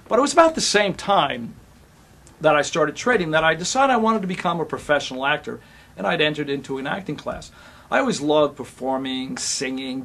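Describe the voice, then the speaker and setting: Older male actor telling animated stories. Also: on the high side. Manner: animated storyteller who acts out scenes, turning quiet and reflective. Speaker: actor and acting teacher. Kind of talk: storytelling monologue for an actor's slate.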